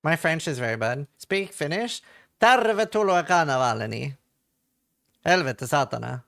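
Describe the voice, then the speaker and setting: A man's voice: on the high side, expressive, normal speed, gravelly, fairly bright tone. A man from England chatting casually with viewers on a live stream, joking around.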